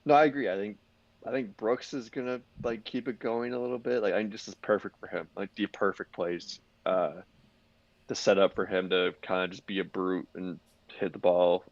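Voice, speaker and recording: This young man co-hosts a podcast and chats loosely about sports, rambling with plenty of "like" and lots of restarts. He speaks at a normal pace in a fairly low voice with fairly even intonation. The sound is lo-fi, without echo.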